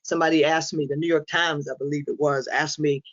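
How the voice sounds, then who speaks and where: A woman giving a frank, humorous talk to an audience, telling lively stories and acting out the lines people said. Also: deep voice, fairly quick, lo-fi sound. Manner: lively storyteller who acts out quoted lines. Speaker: inspirational speaker on dementia caregiving. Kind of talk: presentation to a support audience.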